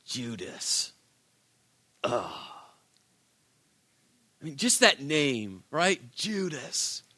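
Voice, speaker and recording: Animated high-voiced male preacher. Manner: animated storytelling, acts out quotes, rhetorical questions. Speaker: pastor. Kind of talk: sermon.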